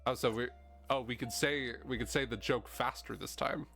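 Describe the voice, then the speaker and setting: A man streaming a game, reading the game's text aloud and rambling in a loose, chatty way, with plenty of filler words and light swearing. His voice sits at a middling pitch, and soft game music plays underneath. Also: steady tone, normal speed. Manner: rambling, chatty, lots of "like" and restarts, mild swearing. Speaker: streamer playing a video game.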